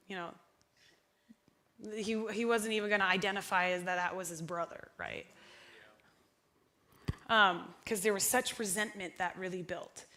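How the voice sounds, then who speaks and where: Bright-voiced woman preaching a sermon. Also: medium pitch. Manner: chatty, self-deprecating, asks the congregation questions. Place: church sanctuary.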